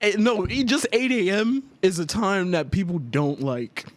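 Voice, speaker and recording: A young man hosting a podcast in casual chat, an animated, excitable storyteller who laughs often. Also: sits high, normal speed, no room sound. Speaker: podcast host.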